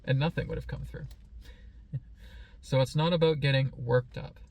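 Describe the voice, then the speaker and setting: A man speaking as a spiritual teacher talks in a slow, calm, meditative, reflective way, his gravelly voice holding an even, level pitch. He playfully mimics excited voices as he teaches. There's no echo.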